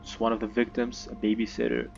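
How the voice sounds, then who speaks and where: A man playing a story game on video, reading its text aloud and reacting in an excitable, chatty way, with lots of fillers and restarts. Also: on the low side, fast, gravelly, dull audio, faint music behind. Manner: excitable, chatty, many fillers and self-corrections. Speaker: gaming video host.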